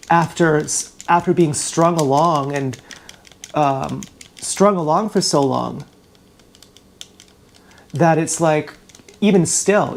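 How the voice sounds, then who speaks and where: A YouTuber vents in an emotional vlog, streaming live indoors into a GoPro camera. The voice is mid-range and darkish, and the talk is agitated, profane and rambling, clearly fired up and upset.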